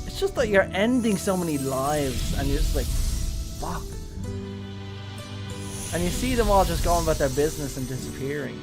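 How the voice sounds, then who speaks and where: A man's voice: on the high side, expressive, fast, few pauses. A man streaming a game, talking candidly and emotionally, with casual swearing. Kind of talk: casual live-stream commentary. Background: game music.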